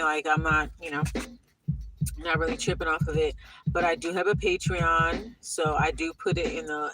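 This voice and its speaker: A man's voice: on the high side, rough recording. A man vlogger chatting in a loose, rambling storytime style, full of asides. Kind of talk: casual storytime chat. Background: music.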